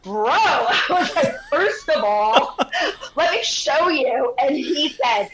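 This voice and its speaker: A woman in her fifties, a podcast guest telling a story in casual chat. She is animated, laughs often, swears freely and acts out both sides of the dialogue. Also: high voice, takes it slowly, a crowd in the background, poor audio.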